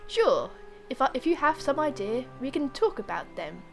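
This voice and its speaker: A woman voicing a hardworking male blacksmith in a lowered, plain gruff voice. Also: very animated, moderate pace, faint music behind, heavily acted. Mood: matter-of-fact.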